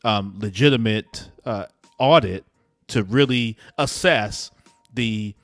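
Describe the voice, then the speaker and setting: Podcast host guy, kinda halting, searching for words, dry sound, faint music. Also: lowish voice, fairly bright tone, no echo. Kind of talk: podcast interview.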